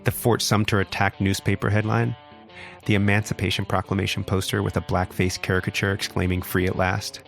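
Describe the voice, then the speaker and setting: A man's voice: lowish voice, level tone, fairly quick, creaky, faint music behind. A man casually narrating a wild story as a podcast host, wry and swearing freely.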